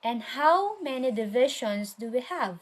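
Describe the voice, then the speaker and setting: Slow-speaking Filipino woman teacher. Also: fairly high pitch, animated, poor audio. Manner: slow, questioning, reads lines aloud with marked stress. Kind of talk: recorded online lesson on poetry meter.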